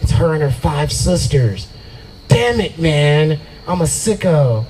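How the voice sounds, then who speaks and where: A man in his forties works an outdoor open-mic crowd with a loose, swaggering stand-up set, cursing freely and cracking himself up. His voice sits a little high for a man. A faint murmur of the crowd lingers behind him on the stage mic. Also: expressive, slow, mellow, a little hiss or hum, rough recording. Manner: profane, loose and boastful, laughing at own jokes. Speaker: stand-up comedian. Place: open mic at a brewery, out of doors.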